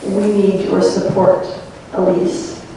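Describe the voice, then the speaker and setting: A woman's voice: medium pitch, little pitch movement, takes it slowly, vocal fry, dark tone, slight background noise. Emotional woman reading a statement in an echoey hall. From New York State. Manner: earnest, emotional, voice wavering. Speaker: citizen speaker at a town hall. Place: large public hall. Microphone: floor microphone heard from afar. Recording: echoey hall recorded from far off.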